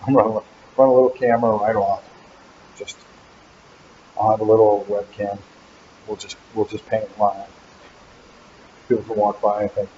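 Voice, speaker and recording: A man's voice: lowish voice, little pitch movement, moderate pace, long pauses, warm tone, dull audio, a little hiss or hum. A man hosting a casual live Q&A from an animal hospital waiting room, teasing and rambling about his helper. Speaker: channel host.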